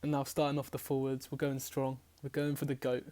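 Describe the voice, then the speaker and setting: A man talks briskly in a mellow, medium-pitched monotone about his fantasy football team choices. He's chatty and rambly, corrects himself as he goes, and swears offhandedly.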